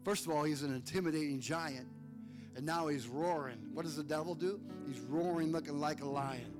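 A man's voice: on the high side, moderate pace, music in the background. A male pastor preaching a fired-up sermon, calling on listeners by name.

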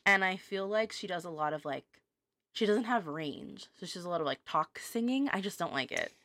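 A woman's voice: fairly low pitch, expressive, fairly quick, fairly bright tone, dry recording. A woman co-hosting a casual podcast while recovering from a cold, frank and giggly. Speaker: podcast co-host. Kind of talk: casual chat.

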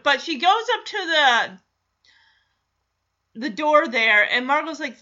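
A woman's voice: high-pitched, big pitch swings, takes it slowly, pauses often, sharp tone. A young woman animatedly recapping a TV episode in a gossipy, teasing way, often laughing. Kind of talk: casual chatty episode recap. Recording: dull lo-fi audio.

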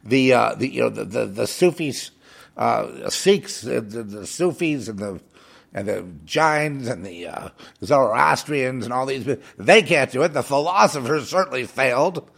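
A man's voice: mid-range voice, lively intonation, a little slow, creaky, fairly bright tone. A man preaching on air in a fervent, scornful monologue, hammering points home by repeating phrases. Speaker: radio preacher.

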